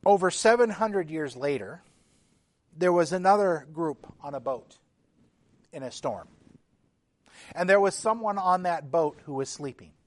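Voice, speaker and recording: A man preaching a sermon in a measured, emphatic way, his intensity rising and falling. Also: fairly high pitch, expressive, no room sound.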